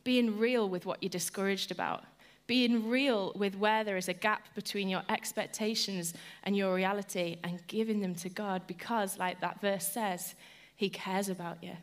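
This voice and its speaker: A woman's voice: medium pitch, steady tone, normal speed. Earnest woman giving a devotional talk. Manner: earnest, personal and conversational. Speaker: Christian speaker.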